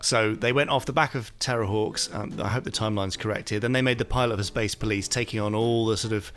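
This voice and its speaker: A man talking as a podcast guest, thoughtful and hesitant with many pauses and fillers. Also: lowish voice, fairly even intonation, fairly bright tone. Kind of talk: casual podcast talk.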